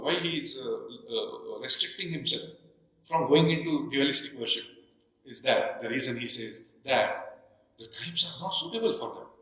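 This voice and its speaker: A man's voice: medium pitch, fairly bright tone. A man, a monk giving a spiritual lecture, earnestly explaining and rephrasing his points at length. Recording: very echoey hall.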